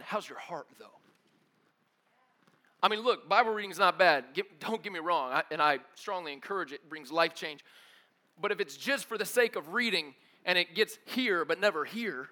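A young pastor preaches in an easygoing, spirited way, peppering his talk with "bro" and "dude." At times he gets loud and emphatic; at others he drops into quiet, low remarks.

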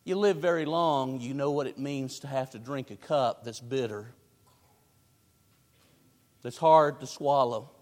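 A man preaching a sermon, swinging from hushed, drawn-out phrases to booming emphasis. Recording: long hall reverb.

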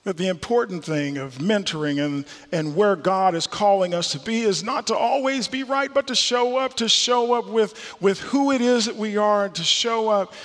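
An earnest middle-aged man preaches a sermon in a notably high voice and returns to his key phrases for emphasis. His words ring out with the long reverb of a large hall. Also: moderate pace, hardly any pauses, fairly bright tone. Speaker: preacher, former football player. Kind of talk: sermon with personal story.

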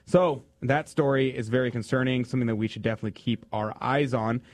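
A male radio host talks fast in a steady, mid-register voice, recorded dry and close in the studio with no room sound. His casual, chatty delivery is full of fillers and frequent restarts.

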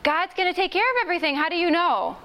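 A woman's voice: very high-pitched, fast, bright, forceful tone. A woman leading a Bible study training session, talking conversationally to a group and acting out quoted lines. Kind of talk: workshop teaching. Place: meeting room with a group.

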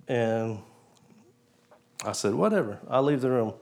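A man's voice: fairly low pitch, animated, measured pace, pauses often, a little mellow. A man preaching, telling a personal story in a folksy way and acting out the dialogue.

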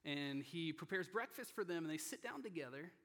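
A pastor preaching a sermon in an earnest, personal way, growing emotional and sinking to a hushed near-whisper at tender moments. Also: male voice, on the high side, animated, a little fast, in a large hall. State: emotional, choking up. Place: church sanctuary.

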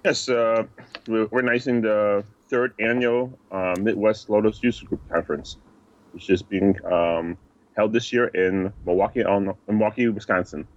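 A man being interviewed as a podcast guest, speaking in a halting way with many ums. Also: fairly low pitch, steady tone. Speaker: guest, conference organizer. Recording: dull lo-fi call line.

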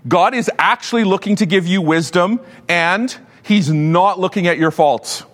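A man in his fifties, a pastor giving a sermon with animated, joking storytelling. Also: high-pitched, unhurried. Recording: long hall reverb.

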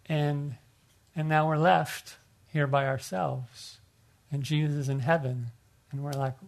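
A man's voice: a little high, fairly even intonation, a little slow, vocal fry. A middle-aged male pastor preaching a sermon in an earnest, conversational way, often restarting his phrases.

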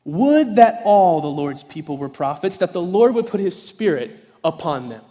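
A man preaching an evening sermon as pastor, telling a story animatedly and acting out voices, sometimes shouting with excitement. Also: sits high, normal speed. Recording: long reverb in a large hall.

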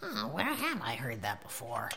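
A woman's voice: rumbling low, huge pitch swings, normal speed, vocal fry, pushed and bright, heavily acted. A woman voicing a lazy, worn-out kid servant in a cartoon, muttering sulky sarcastic replies. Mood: grumbling.

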